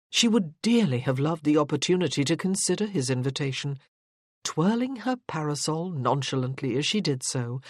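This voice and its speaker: A narrator reading a period romance novel in an even, measured way. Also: mid-range voice, breathy edge, no echo, studio quality.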